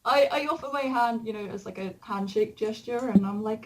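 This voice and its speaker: A woman's voice: on the high side, normal speed, slight background noise. A woman playing a tabletop role-playing game, speaking hesitantly and politely with many restarts. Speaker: player.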